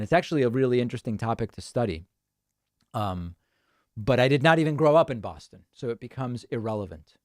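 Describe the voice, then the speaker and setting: A man's voice: mid-range voice, darkish tone, no room sound. A man hosting a live political stream, reading viewer comments aloud and answering them offhand with dry asides. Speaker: political show host.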